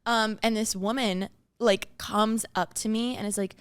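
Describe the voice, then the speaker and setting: A young woman co-hosting a podcast, telling a story in a casual, animated way, full of fillers. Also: medium pitch, a little slow, clear, resonant tone. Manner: animated, filler-heavy storytelling with acted-out quotes. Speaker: podcast co-host.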